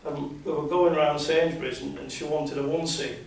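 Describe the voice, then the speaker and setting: A man's voice: on the high side, fairly even intonation, a little fast, creaky. An older man from Scotland, reading his own rhyming poems at an open mic, with hesitant, rambling chat between them. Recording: very echoey room, mic at a distance, faint noise.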